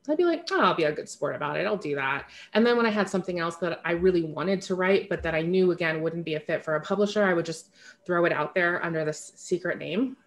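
Chatty, candid woman author. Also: lowish voice. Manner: chatty, candid, frequent fillers and self-corrections; laughs at herself often. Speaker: author, interview guest. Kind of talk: casual interview conversation.

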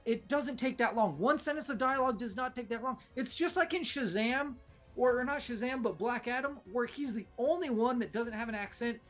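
A man co-hosting a casual pop-culture debate, talking in an animated, rambling way with many restarts. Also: extremely high pitch, fairly quick, faint music behind. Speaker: podcast co-host.

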